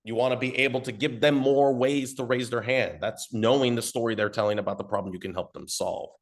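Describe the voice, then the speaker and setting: A man coaching on ad marketing in a casual, rambling teaching talk, sometimes swearing and slipping into quick mock voices of customers. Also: medium pitch, fairly even intonation.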